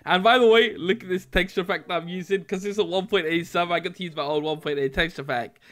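A man's voice: sits high, fairly even intonation, quick pace, fairly bright tone. A man giving casual gameplay commentary as a YouTuber, giggling often as he talks. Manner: giggly, laughs through his lines. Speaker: YouTuber playing a game.

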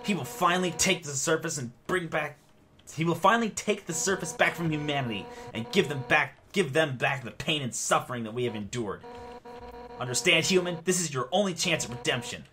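A man's voice: a little high, lively intonation, fairly quick, pushed and bright, a little hiss or hum. A man doing a menacing voice for a fierce armored fish warrior woman in a video game.

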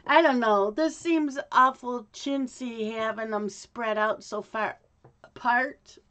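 A woman chats slowly and casually to her viewers, drifting from one thing to the next with plenty of ums and false starts. Her voice sits a little high for a woman. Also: fairly bright tone. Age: adult. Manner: rambling, chatty, with many ums and restarts. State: hiccups. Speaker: craft vlogger. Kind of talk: casual chat to camera.

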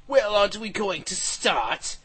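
A man voicing a mocking male demon villain, talking slowly and sneering. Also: high-pitched, big pitch swings, a bit bright, slight background noise, pitched above the performer's own voice, exaggerated voice. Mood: taunting.

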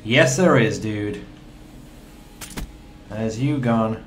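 A man's voice: on the low side, extremely slow, slight background noise. A young man, chatting to viewers while commenting on his own gameplay from a home setup. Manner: chatty, excitable, talks to viewers. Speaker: gaming commentator.

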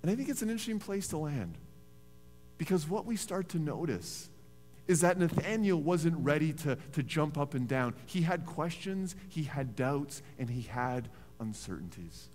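A man, a pastor preaching a sermon in a church in a conversational, animated storytelling way. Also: a little high, normal speed, soft background music. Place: church sanctuary. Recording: reverberant church hall.

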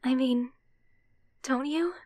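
In a close-mic ASMR roleplay voice message, a young woman plays a brash, foul-mouthed tsundere girlfriend who swears constantly and flips between gruff and embarrassed, sounding flustered. Her voice is high and slow with a darkish tone, and the recording is dry.

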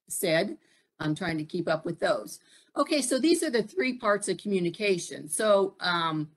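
A middle-aged woman presenting a live-streamed workshop, pausing often with fillers and putting questions to her audience. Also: lowish voice. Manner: frequent fillers and pauses, asks the audience questions. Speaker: presenter at a military family program.

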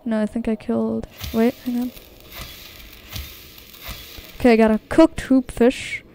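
A woman's voice: on the high side, little pitch movement, unhurried, creaky, warm tone, slight background noise. A woman commentating her own gameplay, easily startled, nervously repeating herself and talking straight to her viewers. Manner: talks to her viewers directly. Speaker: video game streamer. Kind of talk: let's-play gameplay commentary.

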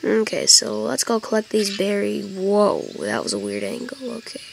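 Tired gravelly-voiced woman gaming. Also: medium pitch, sing-song, normal speed, slight background noise. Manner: rambling, jokey, talks to viewers. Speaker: let's play gamer. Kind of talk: casual game commentary.

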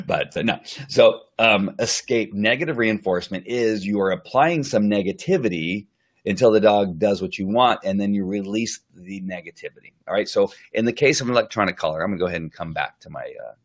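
A man's voice: on the low side, expressive. A man who trains dogs giving a casual, rambling live-stream lesson, full of fillers and restarts, sometimes acting out what the dog thinks. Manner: acts out the dog's thoughts in quick asides.

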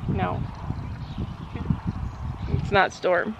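This middle-aged mother rambles through a casual vlog outside next to a horse near a road, filling her story with fillers. Her voice is gravelly, fairly low, and fairly even in intonation, and she speaks very slowly over background noise.

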